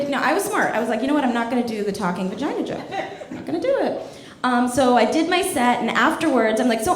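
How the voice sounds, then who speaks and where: A woman doing a stand-up set in a comedy club, animated and acting out characters in her stories. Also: sits high, a little hiss or hum. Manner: animated, acts out characters in quotes. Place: comedy club stage with live audience. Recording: echoey club with loud crowd laughter.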